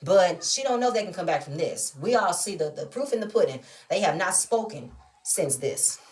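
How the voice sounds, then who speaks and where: A woman giving a casual, animated recap and review of a reality show, often incredulous and firing off rhetorical questions. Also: on the low side, normal speed.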